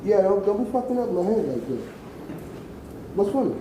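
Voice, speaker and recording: A man's voice: high-pitched, sing-song, roomy sound, background noise, pitched above the performer's own voice. A man voicing a dim, touchy young male cartoon singer on a phone interview, brash and swearing. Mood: indignant. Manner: brash, swearing, quick to take offence.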